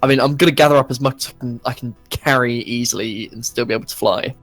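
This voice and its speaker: A man's voice: mid-range voice, fairly even intonation, a bit bright, no echo, soft background music. Male player, mid voice, dry and close, talkative. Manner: chatty, quick asides and restarts. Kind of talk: casual tabletop game play.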